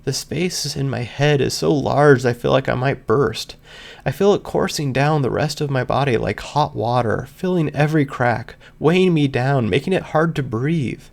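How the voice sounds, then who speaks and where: A man with a gravelly voice reading a first-person story aloud in an earnest, emotional way. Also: medium pitch, moderate pace. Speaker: reader. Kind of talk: scripted fan fiction narration.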